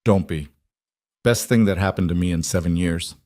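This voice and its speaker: A tough mountain man who speaks in short, gruff lines, read by a man. The voice is low and the recording dry and close in a western storybook reading. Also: normal speed, a little mellow, dry recording, natural voice.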